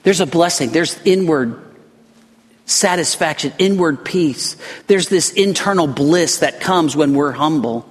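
A man preaching a sermon as pastor, impassioned, swinging between soft passages and loud, rising emphasis. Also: a little high, slow pace. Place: church sanctuary. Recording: long reverb of a large room.

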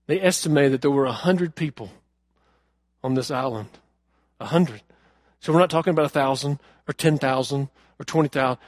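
A man preaching a sermon, telling a story earnestly and asking the congregation questions, moving from loud emphasis to hushed lines. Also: fairly high pitch, no echo, studio quality. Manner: addresses the congregation directly with questions. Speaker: pastor.

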